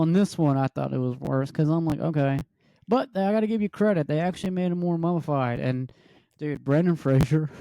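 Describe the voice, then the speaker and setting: A man co-hosting a casual movie review chat, excitable and acting out scenes with loud yelps. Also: fairly high pitch, dry recording. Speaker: podcast co-host.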